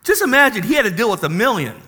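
A man preaching a sermon, animated, reading scripture and then dropping to a soft, intimate tone. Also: sits high, rapid-fire. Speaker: pastor.

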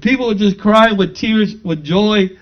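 High-voiced pastor telling a story. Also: male voice, a little slow. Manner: storytelling, acting out dialogue, rising to fervent praise. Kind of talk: sermon testimony. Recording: dull lo-fi recording.

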